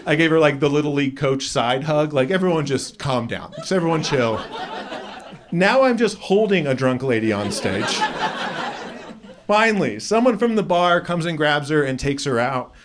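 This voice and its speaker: Self-deprecating male stand-up, raised pitch. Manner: self-deprecating, deadpan asides. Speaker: stand-up comedian. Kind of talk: stand-up comedy set. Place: comedy club stage. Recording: live club crowd audible. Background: audience laughing.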